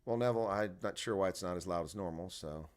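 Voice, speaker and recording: This deep-voiced man talks fast while hosting an early-morning rugby live stream from home. Sounding tired and groggy, he rambles to chat viewers over a desk microphone with the volume up.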